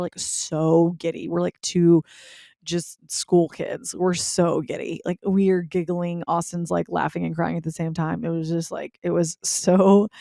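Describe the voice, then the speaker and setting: A woman's voice: deep voice, gravelly, dry recording. Chatty young woman podcaster, dry close sound. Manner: chatty, animated, filler-heavy with frequent "like". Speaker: podcast host. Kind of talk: casual storytelling.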